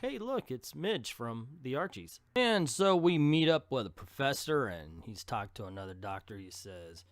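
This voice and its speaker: A man's voice: mid-range voice, big pitch swings, moderate pace, hardly any pauses, no echo, clean studio sound. A man giving casual, sarcastic commentary on an old comic book. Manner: sarcastic, mocking.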